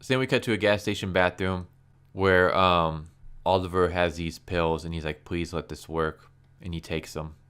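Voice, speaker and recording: Low, smooth-voiced sarcastic man. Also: fairly even intonation, normal speed, fairly bright tone. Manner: sarcastic, exasperated. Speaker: comic book reviewer. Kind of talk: casual commentary.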